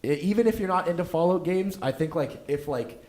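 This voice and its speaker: A man's voice: on the high side, fairly quick, a little mellow, a little hiss or hum. A man hosting a casual gaming podcast, rambling loosely and swearing as he explains things. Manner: rambling, loose and profane, with frequent fillers.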